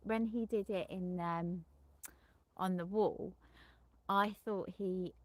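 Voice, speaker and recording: A woman's voice: mid-range voice, fairly even intonation, slow, dry recording. A middle-aged woman, a sex therapist, frankly recounting a client session in a loose, rambling way with many restarts. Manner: rambling, frequent restarts and self-corrections; frank and unembarrassed on explicit topics.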